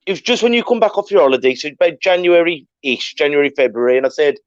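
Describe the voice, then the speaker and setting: A man's voice: fairly high pitch, expressive, fast talker, dry recording. Chatty man, dry and muffled. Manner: chatty, prompts and interjects. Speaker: podcast host, the guest's son. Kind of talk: casual family chat.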